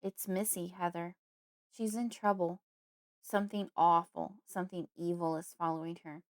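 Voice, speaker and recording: A woman's voice: on the low side, steady tone, moderate pace, no room sound, studio quality, lightly acted. A woman reading an audiobook, voicing a desperate, frightened father who pleads urgently.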